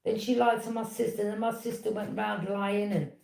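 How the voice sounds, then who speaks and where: A woman, telling a personal story in a casual, animated and indignant way, with quick "yeah?" asides. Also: medium pitch, creaky. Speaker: tarot reader. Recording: echoey room.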